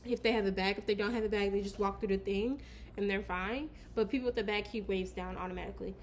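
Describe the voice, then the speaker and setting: A woman vlogger chatting casually to her camera at home, telling a story with slang and quick asides. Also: medium pitch, steady tone, a little hiss or hum. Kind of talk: casual story time chat.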